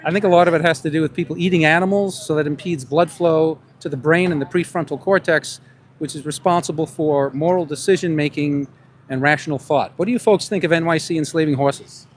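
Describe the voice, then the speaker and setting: A man in a put-on New York accent runs a confrontational street interview outdoors. His voice sits fairly high, and he needles strangers with leading questions, then mutters asides to his tripod camera. A faint street hum runs behind him. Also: steady tone, a little fast.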